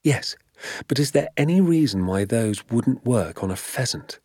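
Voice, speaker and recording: A man voicing an eager, earnest young boy in an audiobook, raising his voice high for the child. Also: expressive, moderate pace, darkish tone, no echo, clean studio sound. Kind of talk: audiobook character voice.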